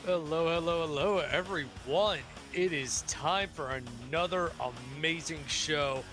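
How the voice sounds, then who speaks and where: Friendly co-commentator with guitar music behind. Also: male voice, fairly high pitch, unhurried. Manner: friendly, stumbles over words. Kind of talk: wrestling show commentary.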